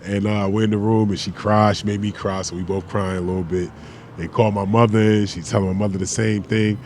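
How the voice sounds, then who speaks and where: Slangy, animated male storyteller, low-pitched. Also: brisk, slight background noise. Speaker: guest, former basketball player. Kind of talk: casual podcast chat.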